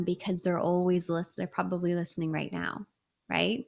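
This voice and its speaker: A woman's voice: fairly low pitch, level tone, normal speed, gravelly, a little mellow. A woman in her thirties, an interview guest, talking over a video call in an earnest, reflective storytelling way. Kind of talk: casual interview talk.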